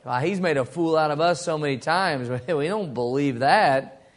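A man putting on dismissive villagers in a low, mumbling, sarcastic voice. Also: normal speed, lightly acted. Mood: scoffing. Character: scoffing villagers, dismissive and mocking.

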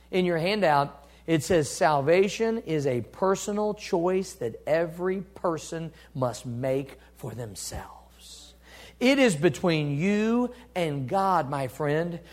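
Man, pastor, sermon, very high pitch, earnest, shifts between loud and quiet.

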